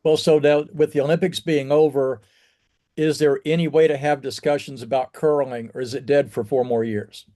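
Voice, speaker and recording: A man's voice: mid-range voice, steady tone, normal speed, warm tone. A man hosting an interview podcast, friendly as he strings his questions together one after another. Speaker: podcast host.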